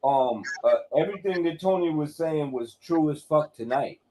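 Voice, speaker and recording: A man hosting a casual boxing talk, animated and profane, telling stories with acted quotes. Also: a little high, normal speed. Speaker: host.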